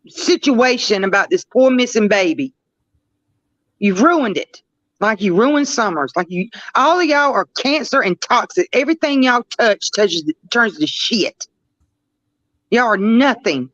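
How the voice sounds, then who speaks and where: A woman's voice: fairly high pitch, big pitch swings, unhurried, fairly bright tone, no room sound. A woman co-hosting a live stream in casual, profane chat, blunt and mocking. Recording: dry lo-fi stream audio.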